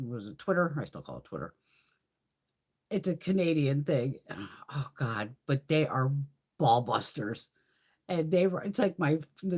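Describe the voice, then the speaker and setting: A woman from the United States hosts a makeup livestream from home, talking straight to her viewers. Her pitch swings widely as she chats, and she swears freely and laughs often between bluntly spoken opinions. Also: darkish tone. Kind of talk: casual livestream chat reading viewer comments.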